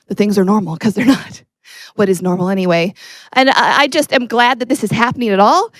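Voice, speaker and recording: A woman doing a musical comedy set with deadpan, self-mocking asides as she introduces her songs. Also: medium pitch, fairly quick, dry recording. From Canada. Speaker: comedy singer. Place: stage filmed without audience. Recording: with guitar music behind. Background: acoustic guitar.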